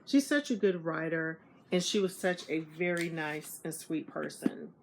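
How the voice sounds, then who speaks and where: A woman's voice: unhurried, a little hiss or hum. A young woman, chatting casually to camera about meeting authors and acting out what people said. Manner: animated, acts out quoted dialogue in higher voice. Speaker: book vlogger.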